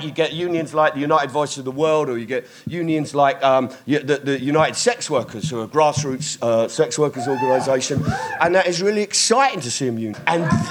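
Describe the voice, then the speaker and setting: A man doing stand-up at a live club gig, swearing often, shouting out to the crowd and riffing with hecklers. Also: on the high side. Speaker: stand-up comedian. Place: live music club with audience.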